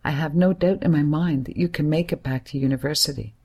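A woman reading the part of a hesitant but serious young man, a gentle family friend, in an audiobook. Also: on the high side, fairly quick, husky. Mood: pleading. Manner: hesitant yet serious, soothing.

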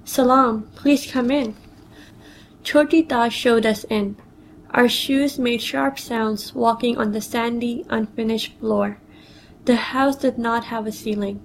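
A woman's voice: fairly high pitch, steady tone, unhurried, gravelly, a little hiss or hum, poor audio. A woman reading a personal memoir story aloud, telling it plainly and quoting others in her own voice.

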